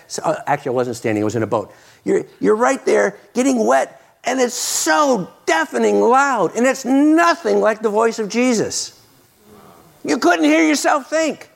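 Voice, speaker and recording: A middle-aged man preaching a sermon, earnest, restarting words often and rising to loud, excited peaks. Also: sits high, gravelly. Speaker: pastor.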